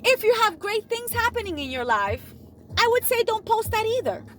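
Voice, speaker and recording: High, lively woman giving motivational advice. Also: normal speed, a little hiss or hum. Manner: animated, acts out quoted dialogue with big pitch swings. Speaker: motivational vlogger.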